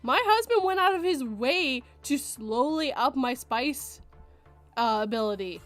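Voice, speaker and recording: A woman's voice: sits high, measured pace, soft background music. Chatty, laughing Canadian woman host. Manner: laughs often, chatty and animated. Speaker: podcast host. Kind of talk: casual chat.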